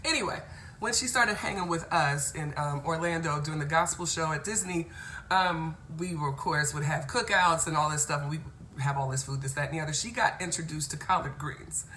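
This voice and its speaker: A woman's voice: deep voice, fairly quick, sharp tone, slight background noise. A woman from Cincinnati hosting a casual live stream who laughs often and greets viewers by name as she reads their comments. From Cincinnati, Ohio. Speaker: host.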